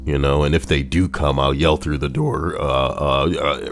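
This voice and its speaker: A man's voice: extremely low pitch, steady tone, slow pace, long pauses, soft background music. A young man casually reading forum posts aloud and riffing on them, sarcastic and rambling with loose asides.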